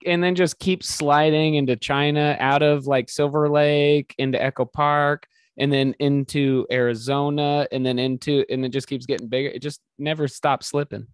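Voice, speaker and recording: A man's voice: fairly high pitch, fairly even intonation, moderate pace, clear, resonant tone, no echo, studio quality. A man co-hosting a casual film podcast, joking in a playful, mock-serious way. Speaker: podcast co-host. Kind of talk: casual movie-review banter.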